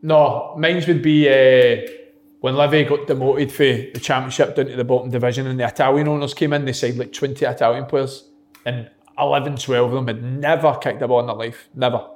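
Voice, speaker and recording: A man's voice: medium pitch, steady tone, a little fast, a little mellow. Man in an echoey room. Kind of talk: casual chat. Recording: echoey room with faint hum.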